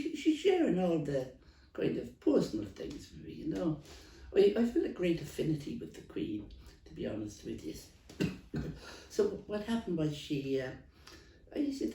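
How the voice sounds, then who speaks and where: A man's voice: a little high, gravelly, darkish tone. A man playing an elderly Dublin stall trader, a rambling, coughing heavy smoker who stumbles and restarts as she talks. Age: older. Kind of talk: comic character monologue. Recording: roomy, distant mic.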